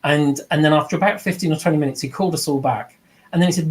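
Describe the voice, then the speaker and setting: A man's voice: a little high, fast talker. A man teaching trance mediumship over a video call, conversational and repetitive, acting out quoted voices as he tells stories. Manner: conversational, repeats himself, acts out quoted voices. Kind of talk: teaching with personal anecdotes.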